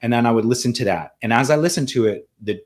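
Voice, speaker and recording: A man's voice: medium pitch, lively intonation, quick pace. A man in a conversation, recounting his experience in an earnest, reflective way. His voice sits in a mid range. He often restarts and repeats words while he searches for the right phrasing. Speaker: interview guest. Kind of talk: conversational storytelling.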